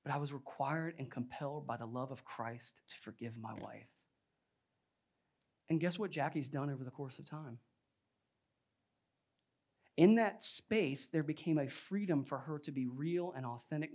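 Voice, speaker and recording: A man's voice: medium pitch, normal speed, long pauses, darkish tone. A young adult male pastor preaching a sermon in a conversational, storytelling way, often saying "like" and "right?".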